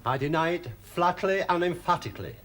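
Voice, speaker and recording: Pompous bank manager, formal and flustered. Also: male voice, sits high, lively intonation, fairly quick, background noise.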